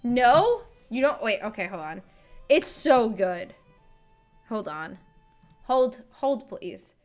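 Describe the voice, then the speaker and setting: A woman's voice: mid-range voice, lively intonation, slow, darkish tone, soft background music. A woman streamer chatting casually and rambling as she reacts to videos. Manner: chatty, rambling, self-deprecating.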